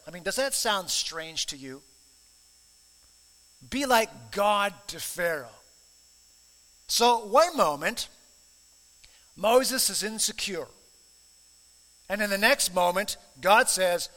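A man's voice: sits high, pushed and bright, long reverb tail. A man preaching a sermon in an earnest, emphatic way, stressing and repeating key phrases. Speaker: pastor.

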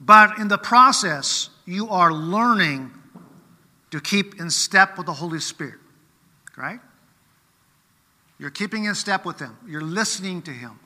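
Man, preacher, high voice, very bright and forceful tone, conversational sermon, long hall reverb. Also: lively intonation, measured pace, long pauses. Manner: conversational, keeps checking in with rhetorical questions.

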